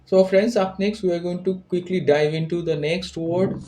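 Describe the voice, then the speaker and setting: A man's voice: high voice, fairly even intonation, normal speed, background noise. A man teaching an English vocabulary lesson, patiently repeating and restating each word's meaning.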